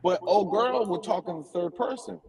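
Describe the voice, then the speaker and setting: A man in casual conversation, telling a funny personal story with lively laughter, heard from a distant phone. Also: high-pitched, moderate pace, gravelly. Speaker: comedian guest. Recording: distant phone audio with crowd noise. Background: crowd chatter at a cookout.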